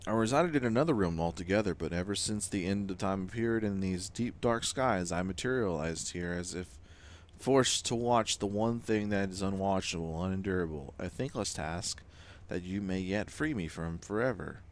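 A man's voice: low voice, lightly acted. A man putting on a solemn ancient Weaver. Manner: slow, hushed, grave reading. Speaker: let's play gamer. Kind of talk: reading game dialogue aloud.

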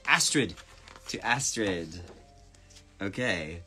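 A man's voice: deep voice, very animated, slow, a bit bright, soft background music. A man chatting casually on a live stream, reading out fans' names, spelling them, and signing orders in a playful way.

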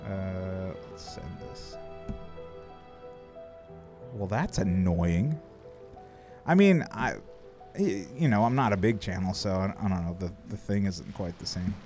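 Slow, low-voiced swearing gamer man. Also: animated, darkish tone, faint music behind. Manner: swears freely, laughs often, rambles with restarts. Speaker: streamer. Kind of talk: casual live-stream chat while gaming.

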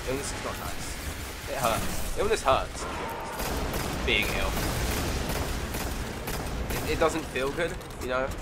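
A teenage boy commentating his own gameplay in a goofy, trash-talking way, sniffly from a cold, swinging from mumbled asides to excited yells. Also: mid-range voice, takes it slowly, pauses often. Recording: noisy home recording.

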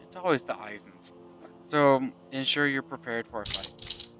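Man, gameplay commentary, joking, reads text aloud, stumbles, loud game music. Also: mid-range voice. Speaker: gaming video host.

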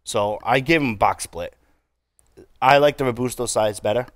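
A man with a New England accent co-hosting a casual chat, relaxed and halting with lots of fillers. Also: mid-range voice, no echo. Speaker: podcast co-host.

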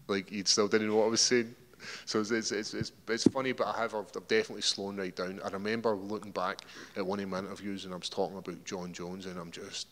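A man's voice: on the low side, little pitch movement, quick pace. A man with a Scottish accent, a fighter at a media day interview, rambling and repeating words as he talks. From Scotland. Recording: echoey hall.

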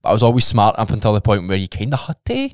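Scottish man, podcast guest, lowish pitch, smooth clear voice, blunt and sweary, dry close mic. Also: huge pitch swings, very fast, no echo. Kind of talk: casual podcast chat.

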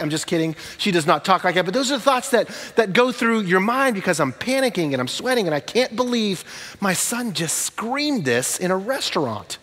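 A middle-aged man preaching a sermon as pastor, telling a story with lively ups and hushed, slow emphasis. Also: high-pitched, in a large hall.

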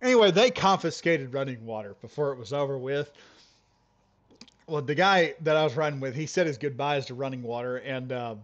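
A man streaming a game while telling a long, animated story with lots of laughs and restarts. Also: mid-range voice, fairly quick, highs cut off. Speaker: gaming streamer. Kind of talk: casual storytelling on a live stream.

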